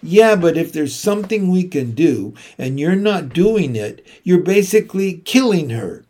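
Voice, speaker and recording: A man's voice: on the high side, very animated, unhurried, voice pushed up. A man voicing an outraged teenage girl. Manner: loud, outraged outbursts. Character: angry teenage girl, blunt and defiant. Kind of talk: audiobook character reading.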